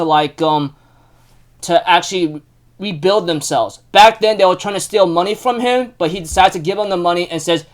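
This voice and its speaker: A young man hosting a casual anime recap, excitable and full of fillers like "dude" and "you know". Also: high-pitched.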